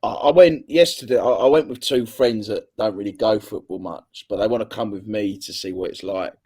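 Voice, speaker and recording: A man's voice: on the low side, brisk, darkish tone, husky. A young man, a guest chatting casually in an interview, stumbling over repeated words and swearing freely.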